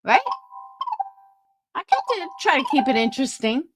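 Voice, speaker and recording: Tired and yawning, this livestream host chats casually and gossips, greeting her live viewers by reading out their names. She has a high, sing-song voice at a moderate pace, with music playing in the background.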